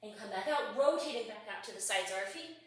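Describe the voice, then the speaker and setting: A pilates instructor leads a mat class, calling out breath cues and movements while she exercises, out of breath but upbeat. Her medium-pitched voice is expressive and fairly bright, and she talks fast. The room is echoey and the mic distant.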